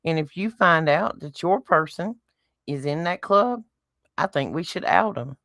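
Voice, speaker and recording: A middle-aged woman with a Southern US accent talks in a low, blunt, folksy way, driving her points home with homespun comparisons. The sound is close and dry, with no room around her. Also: lively intonation, measured pace, a bit bright, no echo. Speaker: podcast co-host. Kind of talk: casual chat.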